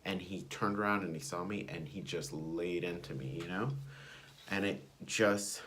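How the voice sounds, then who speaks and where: A man's voice: low-pitched, normal speed, a bit bright, slight background noise. A young man vlogging a personal story, rambling and digressing with many fillers. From United States. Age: young adult.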